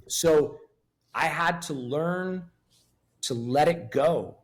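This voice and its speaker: A man's voice: on the high side, drawn-out words. A man in his fifties speaking as a guest in a candid interview, blunt, profane and emotionally raw. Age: 50s. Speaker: podcast guest.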